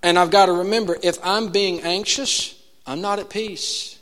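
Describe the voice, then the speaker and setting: A man preaching a sermon as a pastor, telling stories with lots of animation and swinging between hushed tones and shouts. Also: sits high, fairly even intonation, normal speed. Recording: long reverb of a large hall.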